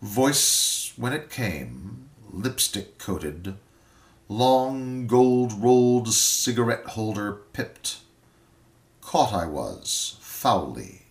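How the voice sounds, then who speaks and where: A man reciting a poem in slow, dramatic, measured phrasing. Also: fairly low pitch, sing-song. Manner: measured, deliberate, weighty phrasing. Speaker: poetry reader. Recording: roomy echo.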